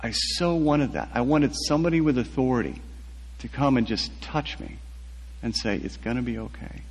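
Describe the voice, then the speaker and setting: Male author, husky and soft-spoken, mid-pitched, recorded in a big reverberant space. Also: animated. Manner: soft-spoken, halting, with many restarts. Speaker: author being interviewed. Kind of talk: reflective personal storytelling. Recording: long hall reverb.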